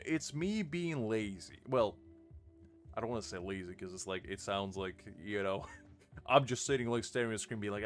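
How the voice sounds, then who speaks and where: A man's voice: on the low side, animated, normal speed, faint music behind. A man chatting casually on a live game stream, rambling and laughing at himself. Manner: rambling, self-mocking, laughs often.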